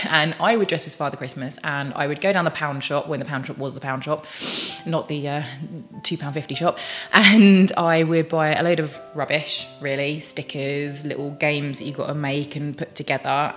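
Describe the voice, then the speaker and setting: Bubbly low-voiced British woman. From United Kingdom. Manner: bubbly, chatty, rambling asides. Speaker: vlogger. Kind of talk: personal vlog, casual chat.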